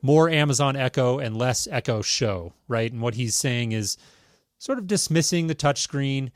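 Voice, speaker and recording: A man hosting a tech podcast, reading a news item and then chatting about it in a measured, casual way. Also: medium pitch, animated, no room sound, studio quality. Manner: measured, reads news items then riffs. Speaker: podcast host.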